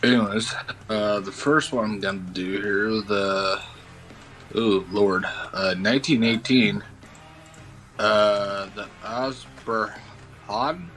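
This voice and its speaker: A man with a low voice and a Mexican accent talks at a slow pace. He is a guest in a casual chat and stumbles over hard names. Faint music plays behind him. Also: fairly even intonation, a bit bright, poor audio. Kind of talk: casual chat reading history facts.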